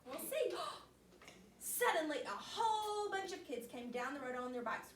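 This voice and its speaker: A young woman teaching kindergarten, reading a picture book to her class in an animated, encouraging way and asking them questions. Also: high-pitched, a little slow. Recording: roomy classroom from far off with noise.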